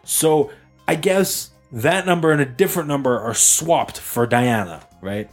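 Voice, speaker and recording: A man's voice: medium pitch, a little slow, faint music behind. A young man hosting a podcast, telling a story in a casual, joking way and acting out callers' lines. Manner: animated storytelling, jokey voices for callers. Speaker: podcast host. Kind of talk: casual chat.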